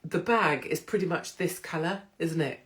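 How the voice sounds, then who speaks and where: A woman's voice: lowish voice, normal speed, a bit bright. A woman from England with a British accent, hosting her own live stream from home in a chatty, irreverent, oversharing way. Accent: British English. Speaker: host of a live-streamed show. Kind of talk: casual live-stream chat. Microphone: phone or computer live stream.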